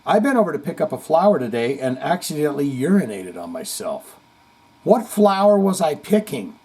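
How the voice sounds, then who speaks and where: A man's voice: on the high side, sing-song, normal speed, a little mellow, husky. A man hosting a casual heavy metal chat stream, reading viewer comments aloud with jokey asides. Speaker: host.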